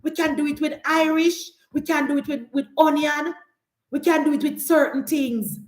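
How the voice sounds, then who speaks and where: A woman's voice: sits high, fairly even intonation, moderate pace, echoey room. A woman with a Jamaican accent giving emphatic, argumentative political commentary on a live call-in show.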